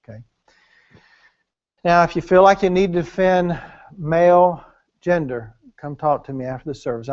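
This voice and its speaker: A man preaching at a marriage conference during a church service, animated and acting out the voices in his stories. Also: fairly high pitch, highs cut off. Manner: animated, acts out quoted voices. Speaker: pastor.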